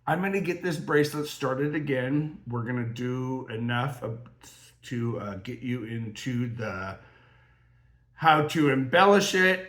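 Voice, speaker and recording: A man's voice: medium pitch, a bit bright. A man hosting a casual crafting tutorial vlog from his craft table, rambling and chatty with lots of fillers. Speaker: crafting channel host.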